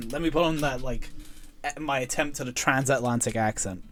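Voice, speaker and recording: A man reading a webcomic aloud with friends, casual, swearing and making quick asides. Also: mid-range voice, a little hiss or hum. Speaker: co-host, reader.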